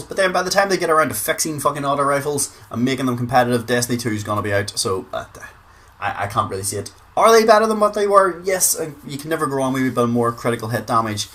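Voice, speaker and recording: A Northern Irish man with a medium-pitched, fairly bright voice chats casually through gaming commentary as a video creator. He swears freely and repeats words to drive his points home.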